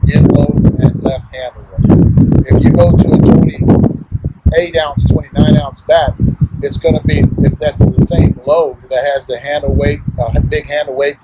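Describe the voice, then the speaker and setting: Male guest-chat host, slightly high voice, lively cursing anecdotes; muffled outdoor take in strong wind. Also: measured pace. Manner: animated storyteller, swears often, acts out quotes. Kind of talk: casual chat. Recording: muffled outdoor recording, loud wind noise.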